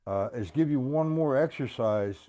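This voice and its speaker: A man's voice: medium pitch, animated, moderate pace, dark tone. An older man teaching a live-streamed drum lesson, talking to viewers in the chat by name and explaining each exercise. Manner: talks to chat viewers by name, counts beats aloud. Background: drum kit.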